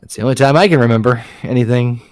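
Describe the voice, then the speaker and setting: Man, casual storyteller, curses freely and stumbles over his words, mid-pitched voice. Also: fast. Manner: profane, rambling, self-interrupting.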